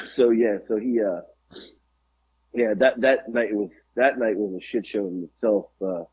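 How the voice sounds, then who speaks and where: A middle-aged man tells loose, profane anecdotes in a husky, breathy voice, full of fillers and restarts. The recording is a little dull and lo-fi. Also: on the low side, very animated, slow. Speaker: podcast co-host. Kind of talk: casual storytelling chat.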